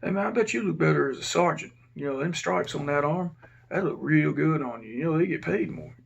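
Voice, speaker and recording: A man doing a chatty older inmate, gravelly. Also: a little high, animated, a little fast, muffled recording, exaggerated voice. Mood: friendly. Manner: easygoing, coaxing small talk. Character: chatty older male inmate, friendly flatterer.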